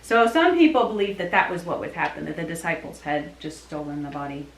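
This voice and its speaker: A woman teaching a children's church lesson, telling a Bible story to kids in an animated storytelling way. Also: deep voice, a little fast. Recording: echoey room.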